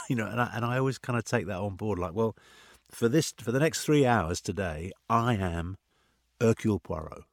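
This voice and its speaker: A middle-aged man, an actor, talking in an interview in an animated, anecdotal way full of "you know" asides. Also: fairly low pitch, normal speed, creaky, no echo, clean studio sound. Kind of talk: conversational interview.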